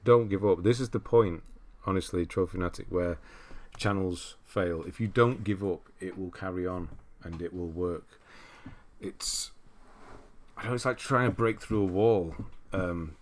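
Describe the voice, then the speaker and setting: A man hosting a livestream, casually rambling as he reads out viewer comments and answers them. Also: low voice. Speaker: livestream host.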